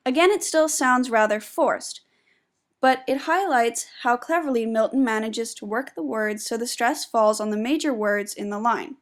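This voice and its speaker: Measured, explanatory young woman reading an essay. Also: a little high. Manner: measured and explanatory, stressing syllables when demonstrating meter. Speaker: student presenting a poetry analysis. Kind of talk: read-aloud spoken essay.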